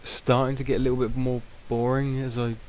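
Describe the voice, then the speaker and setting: A man's voice: mid-range voice, level tone, fairly quick. A young British man giving rambling, self-mocking casual gameplay commentary, with many ums. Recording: noisy home recording.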